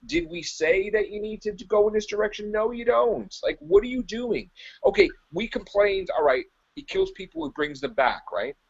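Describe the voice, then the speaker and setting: A man's voice: sits high, big pitch swings, moderate pace, gravelly, breathy edge, highs cut off. A man co-hosting a podcast, ranting in casual chat, profane, exasperated and mocking. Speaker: podcast co-host.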